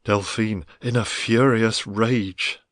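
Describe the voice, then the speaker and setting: A narrator reading stage directions in a play reading with a plain, even delivery. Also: medium pitch, slow, no echo, clean studio sound.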